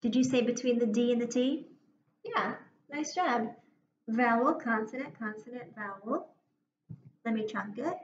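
A woman teacher giving a phonics lesson to young children, speaking slowly and clearly with encouragement. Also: on the high side. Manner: slow, clear, encouraging classroom delivery. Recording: roomy, dull lo-fi classroom recording with faint noise.

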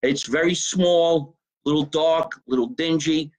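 An animated podcast host, talking in a slightly higher voice than most men. He chats casually and swears freely as he chats from a basement. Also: unhurried, rough recording. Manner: animated, profane, plugging a local deli. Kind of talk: casual live-stream chat.

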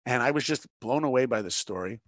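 A middle-aged man, an animation director appearing as a guest on a conversation show, tells a story in an earnest, preacher-like way and poses rhetorical questions to his listeners. His mid-range voice is animated, a little fast and fairly bright, captured in a dry, clean studio recording.

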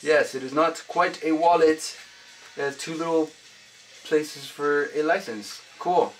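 A man's voice: fairly high pitch, unhurried, soft background music. Upbeat guy exclaiming over fan mail. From United States. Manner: upbeat, punctuates items with loud exclamations. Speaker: vlogger opening fan mail. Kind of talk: casual vlog chat.

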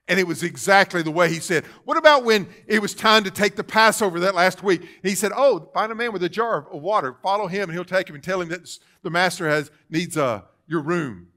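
A man preaching a sermon as pastor, calling out questions to the congregation and rising to loud, fervent passages. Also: high voice. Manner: call-and-response preaching, rising to loud fervor. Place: church sanctuary.

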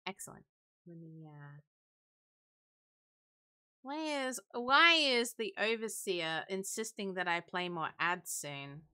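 A woman's voice: medium pitch, animated, slow, long pauses, bright, forceful tone, clear, resonant tone. A young woman co-hosting a live stream in casual chat, giggly and teasing. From Great Britain. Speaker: stream co-host.

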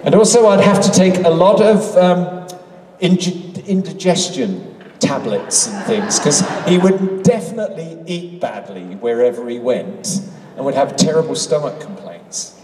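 A man's voice: fairly high pitch, animated, measured pace, a little mellow, far from the mic. A man in his sixties from England with a British accent, answering fan questions on a convention panel in a self-mocking, joking way. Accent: British English. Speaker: convention panel guest actor. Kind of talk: fan Q&A on stage. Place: large convention hall. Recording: echoey hall, voice from off-mic.

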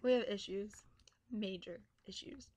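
A woman's voice: medium pitch, a little slow, darkish tone, dry recording. A young woman chatting casually and playfully on a webcam vlog, teasing and giggling. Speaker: vlogger. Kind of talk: casual chat.

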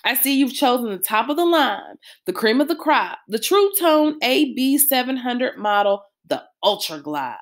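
A woman voicing a playful father who hams up a grand salesman pitch. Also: very animated, moderate pace, few pauses. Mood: mock salesman. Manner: mock salesman patter, grandiose.

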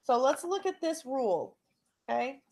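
A woman's voice: high voice, big pitch swings, darkish tone, a little hiss or hum. A woman teaching a phonics and spelling lesson to young students, patient and checking in often. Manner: slow, patient, checks in with frequent "okay?".

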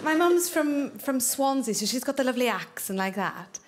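A woman's voice: high voice, lively intonation, moderate pace, very noisy. A woman from North Wales doing a stand-up set, chatty and cheeky, laughing through her punchlines. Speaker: stand-up comedian.

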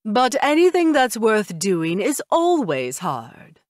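A motherly female vampire speaks slowly and warmly, drawing out her words, as a woman narrator puts her on. Her voice sits a little higher than the narration. The storybook reading is close and dry. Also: huge pitch swings, dry recording, exaggerated voice. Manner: warm, drawn-out and motherly. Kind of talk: audiobook character voice.

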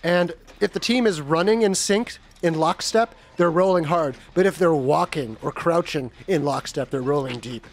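A man's voice: fairly high pitch, moderate pace, hardly any pauses. A man hosting a casual let's-play, chatting playfully with a friend. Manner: playful, jokey, sings snippets. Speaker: channel host. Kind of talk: casual gameplay chat.

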